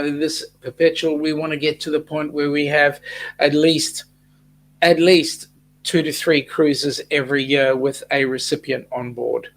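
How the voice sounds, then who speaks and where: A man's voice: a little high, poor audio. An Australian man hosting a casual livestream chat, reading out viewer comments and answering them. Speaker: host of a weekly cruise chat livestream.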